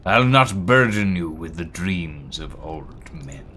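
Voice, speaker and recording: A man's voice: sits low, lively intonation, takes it slowly, noisy background. A man voicing an elderly, guarded grandfather who heads his family, speaking in a formal, old-fashioned way with a put-on accent.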